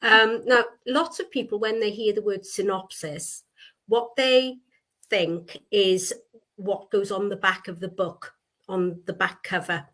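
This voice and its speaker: A woman's voice: medium pitch, steady tone, measured pace, a bit bright. Woman co-host explaining plainly. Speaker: writing coach, co-host. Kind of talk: casual chat.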